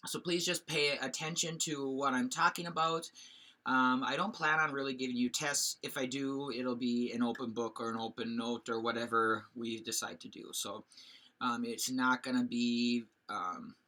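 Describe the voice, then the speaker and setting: Male teacher, very sharp bright tone, casual rambling slide lecture full of fillers. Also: mid-range voice. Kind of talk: recorded history lecture over slides.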